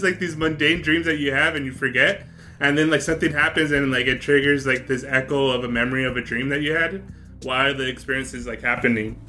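A man co-hosting a casual podcast chat, telling a story in a rambling, animated way, laughing often and swearing freely. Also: mid-range voice. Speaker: podcast co-host.

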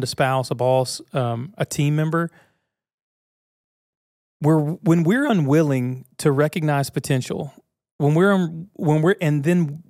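Guy hosting a podcast, earnest and chatty, dry close mic, bit of fry in his voice. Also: on the high side, a little mellow, no room sound. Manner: earnest, conversational, many restarts. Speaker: podcast host. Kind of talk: motivational podcast monologue.

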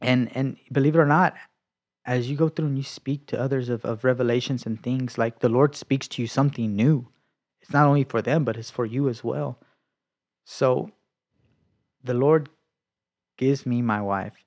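A man at an ordinary pitch tells his faith story in an easygoing, conversational way, full of life, playing out his own past words and sometimes sinking to a whisper. The sound is a bit dull and lo-fi. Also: normal speed, long pauses, a little mellow. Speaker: guest sharing a faith testimony. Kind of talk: casual conversational testimony.

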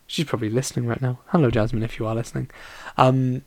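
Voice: medium pitch, steady tone, quick pace, dry recording. A podcast host chatting casually alone about a film, rambling with constant fillers and restarts, and tired and yawning.

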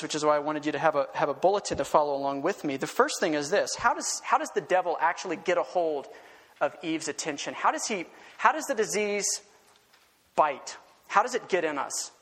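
A male pastor preaching an animated sermon full of rhetorical questions and emphatic repetition, recorded in a church sanctuary with a long reverb. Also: on the high side.

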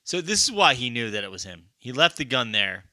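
Male co-host, casual film talk; bright, blunt, mock-ranting, recorded dry and close. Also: mid-range voice, big pitch swings, brisk, no echo. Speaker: podcast co-host. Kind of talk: casual movie chat.

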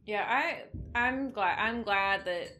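A woman's voice: medium pitch, slow pace, sharp tone. A woman co-hosting a casual film recap, chatty and sardonic, swearing freely. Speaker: podcast co-host.

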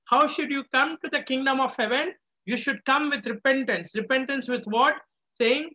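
An emphatic preacher with a bright, pointed voice delivers a sermon, coming back to phrases again and again and answering their own questions. The recording is muffled and lo-fi. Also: high-pitched, moderate pace. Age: adult with a small child. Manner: emphatic, repeats key phrases, asks rhetorical questions.

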